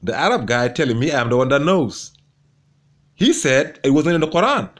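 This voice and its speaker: A man's voice: mid-range voice, very animated, normal speed, fairly bright tone. A man commenting on a debate, gloating and mocking his opponent with much repetition. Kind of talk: commentary over debate clips.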